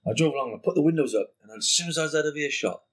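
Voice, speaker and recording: Speaking very fast in a fairly high voice, a male podcast guest recounts a story casually. He gets animated, curses without restraint, and performs the lines of the people involved.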